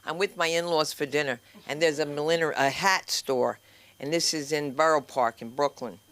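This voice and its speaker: A woman comedy teacher hosting an open mic from the stage of a small club. She talks bluntly and brashly, swears freely and rolls quickly from one anecdote into the next. Her voice is bright and forward on a handheld mic. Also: low-pitched, no echo. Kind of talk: open-mic stand-up banter.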